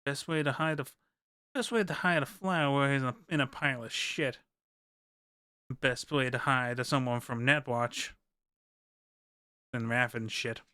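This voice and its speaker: A sly, courtly informant with a smooth, clear voice, put on by a man running a tabletop game. Each line comes out formal and politely sarcastic, recorded close and dry with no room sound. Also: mid-range voice, moderate pace, long pauses, sharp tone, no room sound, close to an everyday voice. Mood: scheming. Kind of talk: game master voicing a character.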